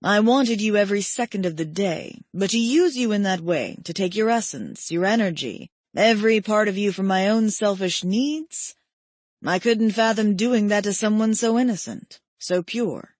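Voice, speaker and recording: A woman narrator voicing an intense, brooding male lover in an audiobook, hushed and intimate. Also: mid-range voice, expressive, normal speed, no echo, natural voice.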